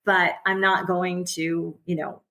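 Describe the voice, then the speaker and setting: A woman's voice: on the low side, little pitch movement, a little slow, pushed and bright. A middle-aged woman speaks as a guest in a casual podcast conversation. She is candid and chatty, and laughter runs through her talk. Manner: chatty and candid, laughs often while talking.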